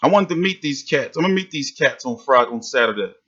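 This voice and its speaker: A man's voice: mid-range voice, quick pace, muffled recording, crowd noise. A man hosting a livestream, ranting in a casual, profane, fired-up way. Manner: animated, swearing, fired-up. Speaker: livestream host reacting to boxing.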